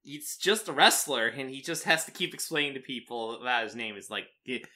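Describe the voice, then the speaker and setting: A man co-hosting a comedy podcast, animated and playful in improvised chat. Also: medium pitch, fairly quick. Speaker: podcast co-host.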